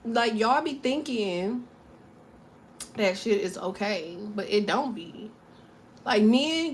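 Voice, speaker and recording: A young woman doing a tarot reading in loose, profane, joking chat. Her pitch swings all over as she rambles along, and faint noise hums underneath. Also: expressive, slow, pauses often. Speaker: tarot reader.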